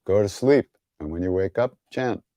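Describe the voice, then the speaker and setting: Man, low mellow voice, dry close sound, casual wry Q&A, halting fillers. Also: no room sound. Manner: easygoing, wry, chuckling, halting with many fillers. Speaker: spiritual teacher answering viewer questions. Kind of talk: casual online Q&A storytelling.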